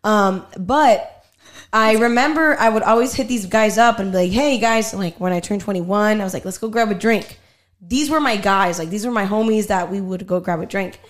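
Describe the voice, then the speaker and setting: Speaking at a moderate pace in a mid-range voice, a woman recounts a story during a casual chat. She swears without holding back and performs the quotes with lively energy.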